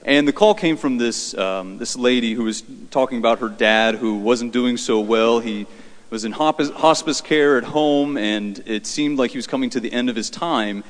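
A man, a Catholic priest, giving a conversational homily with halting fillers and repeats, in a church with long reverb. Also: medium pitch. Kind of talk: homily storytelling.

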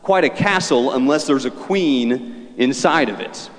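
A man's voice: mid-range voice, lively intonation, a little slow, long reverb tail, lightly acted. A man voicing a greedy, demanding fisherman's wife in a sermon, in a nagging, bossy manner.

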